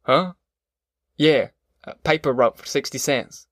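A drowsy, gruff middle-aged farmer father, as a male narrator puts him on, grumbling in plain rural talk. Close and dry, with no room sound. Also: medium pitch, a little slow, a bit bright, dry recording.

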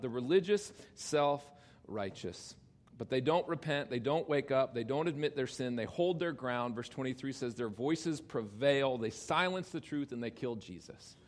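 A man preaching a sermon as a pastor, talking emphatically and swinging between loud exclamations and quiet low asides. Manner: addresses children in the congregation directly.

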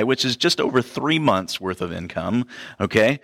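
A man's voice: mid-range voice, animated, normal speed, vocal fry, a bit bright, dry recording, clean studio sound. A man preaching a sermon as pastor, in a conversational way with asides to the congregation.

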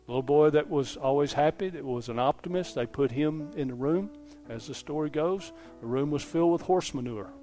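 A man preaches at a moderate pace, his fairly high voice carrying a darkish tone, with faint music in the background. As pastor, he leans on folksy storytelling and often asks the congregation "Amen?"

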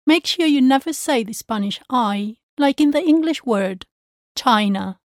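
Woman teacher, higher voice, deliberate slow drill delivery, dry close studio sound. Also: lively intonation, dry recording. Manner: slow, carefully enunciated drilling. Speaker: Spanish teacher. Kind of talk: pronunciation lesson.

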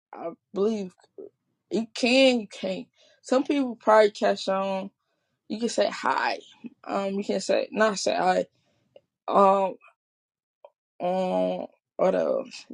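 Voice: medium pitch, slow pace, vocal fry, pauses often. A speaker from Chicago with a Chicago accent, talking in a rambling, repetitive casual monologue. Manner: rambling, repeats and restarts often. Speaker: vlogger.

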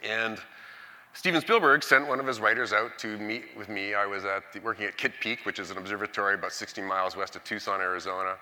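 Energetic jokey man lecturing in a hall. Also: lowish voice, quick pace. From Canada. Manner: jokey, energetic, leads the audience in cheers. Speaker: guest lecturer. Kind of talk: public science lecture. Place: big auditorium. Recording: long auditorium reverb.

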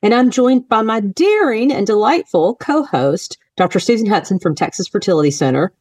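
A woman co-hosting a podcast, chatting casually, laughing often and with animated asides. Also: mid-range voice, moderate pace, dry recording, far from the mic. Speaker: podcast co-host. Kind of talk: casual chat.

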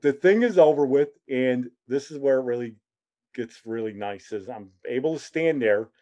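A man's voice: medium pitch, normal speed, warm tone, dull audio. Middle-aged man, show host, casual storytelling, rambling asides, self-mocking humor.

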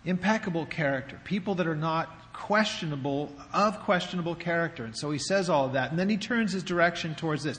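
A pastor preaches a sermon in a church sanctuary, his fairly high, slightly bright voice animated and brisk with few pauses. He keeps it conversational and poses rhetorical questions, and long hall reverb fills the recording.

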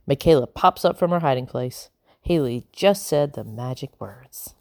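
A woman narrating a children's storybook in a calm, even reading voice. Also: a bass voice, moderate pace, no echo, studio quality. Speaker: audiobook narrator.

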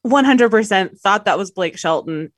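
A woman's voice: mid-range voice, expressive, normal speed, no echo. Woman, podcast co-host, casual chat, rambling storyteller, dry close sound. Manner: rambling, self-correcting storyteller.

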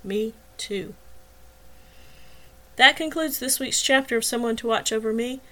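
A woman reading her own novel aloud as an audiobook, in clear, steady first-person narration. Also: a little high, fairly quick.

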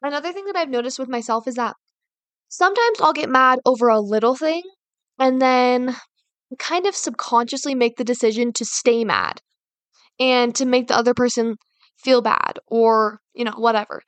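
A woman's voice: fairly high pitch, normal speed, no echo. A woman hosting a casual advice talk, rambling and filling her sentences with "like" and "you know". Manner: rambling, heavy use of fillers like "like" and "you know". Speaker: podcast host.

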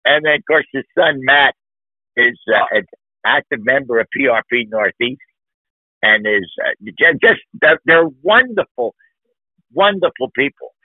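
With an expressive mid-range voice and a measured pace, a man hosts a podcast interview in a conversational style, speaking effusively and emphatically in praise of the people he mentions. There's no echo, and the recording is dry with a phone-like narrow band.

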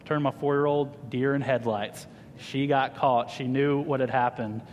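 A man in his thirties preaching a sermon to a congregation, telling funny family stories with lively humor. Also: mid-range voice, a little slow, slight background noise. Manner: animated, humorous storyteller addressing a congregation. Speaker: pastor. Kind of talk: sermon with personal storytelling. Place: church hall. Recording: reverberant church hall.

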